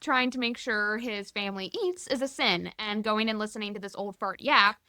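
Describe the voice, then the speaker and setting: A woman's voice: mid-range voice, moderate pace, pushed and bright, no echo, studio quality. A woman co-hosting a podcast, chatting casually and sarcastically as she recaps an episode. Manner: wry, sarcastic, acts out quoted lines. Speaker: podcast co-host.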